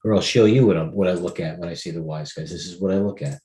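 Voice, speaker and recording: A man's voice: low voice, fast talker, mellow, roomy sound. A man in his fifties hosts a live stock trading stream, talking through charts in a rambling, offhand way and often breaking off mid-sentence. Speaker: stock market host.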